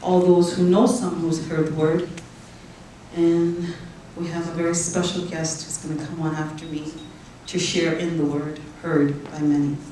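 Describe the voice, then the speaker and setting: A woman's voice: sits low, little pitch movement, moderate pace, warm tone, very echoey, distant mic, a little hiss or hum, poor audio. A woman performing spoken-word poetry live on stage, with dramatic, rhythmic recitation and pleading outbursts. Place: live stage before an audience.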